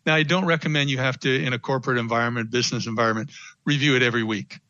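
A man's voice: mid-range voice, racing, no room sound, dull audio. A man, a business consultant, speaking as a guest in a radio interview, telling stories and acting out what people said. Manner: animated storytelling, acts out quotes.

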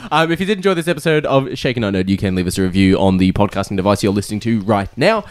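A man's voice: on the low side, animated, racing, clean tone. A man in his thirties hosting a podcast in casual chat, laughing often, swearing and rambling. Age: 30s. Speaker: podcast host.

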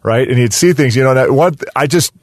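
A man's voice: mid-range voice, brisk, dry recording. Man, enthusiastic former-player co-host, rambling chat, dry close sound. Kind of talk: casual sports chat.

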